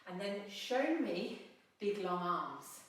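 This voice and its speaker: A woman's voice: fairly low pitch, expressive, slow, a bit bright, a little hiss or hum. A middle-aged woman guiding a family yoga class with playful, encouraging cues for a child. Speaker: yoga instructor. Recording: echoey room, mic at a distance.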